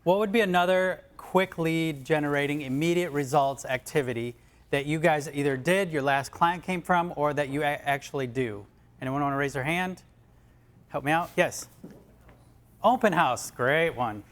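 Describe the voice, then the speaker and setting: A man's voice: a little high, normal speed. A man co-hosting a real estate workshop, casually prompting the audience for answers. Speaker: workshop co-host. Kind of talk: leading audience discussion.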